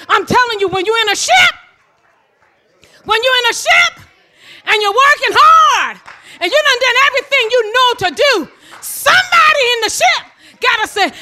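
A woman preaching a sermon emphatically, swinging from soft, low asides to shouting. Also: big pitch swings, moderate pace.

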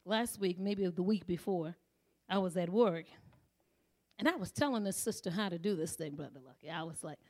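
A woman's voice: lowish voice, normal speed, long pauses, darkish tone. A middle-aged woman giving a sermon full of personal stories, laughing often and acting out the voices in her quotes. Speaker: church speaker.

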